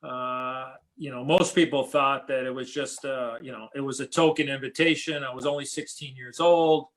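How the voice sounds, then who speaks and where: A man's voice: mid-range voice, steady tone, moderate pace, fairly bright tone. A middle-aged American man, a former hockey player, telling stories as a podcast guest, rambling with many fillers and restarts. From United States. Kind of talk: casual storytelling interview.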